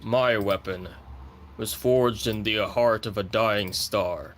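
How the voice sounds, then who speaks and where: A man's voice: fairly low pitch, takes it slowly, slight background noise. A man playing a scarred, undead-looking male adventurer who deadpans boasts about his strength. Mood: boastful.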